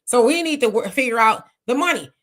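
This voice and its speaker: Bright, outspoken woman commenting. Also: fairly high pitch, a little fast. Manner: outspoken and animated, reacts to chat. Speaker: host reading viewer comments. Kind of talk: casual live commentary.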